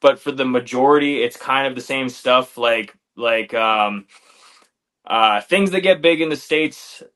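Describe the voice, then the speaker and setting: A young man from Canada with a Canadian accent, a fighter answering interview questions in a relaxed, hesitant way. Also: medium pitch, measured pace. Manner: relaxed, hesitant, many "like" fillers. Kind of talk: casual interview chat.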